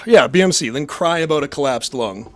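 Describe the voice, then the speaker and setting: A man's voice: mid-range voice, animated, normal speed, no room sound. A young man hosting his stream, ranting and rambling with constant swearing as he reads and answers chat. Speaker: streamer host. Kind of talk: casual profane live-stream rant.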